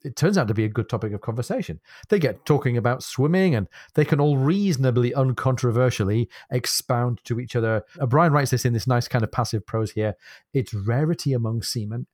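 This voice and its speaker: A man's voice: medium pitch, brisk, few pauses, dry recording, clean studio sound. A man co-hosting a book podcast, reading passages aloud expressively and laughing easily. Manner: animated, reads quotes expressively, laughs easily. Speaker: podcast co-host.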